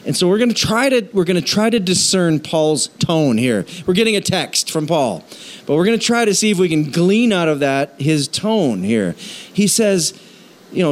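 A man preaching a sermon in a lively, conversational way, joking and asking the congregation questions. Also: high-pitched, fairly quick. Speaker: pastor.

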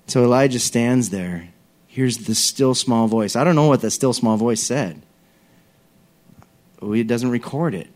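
A male pastor preaching a lively, conversational sermon, dropping to soft tones and acting out voices. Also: mid-range voice, a little slow, pauses often. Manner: conversational, acts out voices, varies loudness.

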